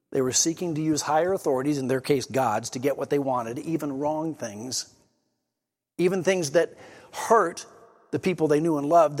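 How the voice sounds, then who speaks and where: Man, pastor, sermon, earnest teaching tone, fairly high voice, long hall reverb. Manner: earnest teaching preacher, reads scripture aloud with emphasis.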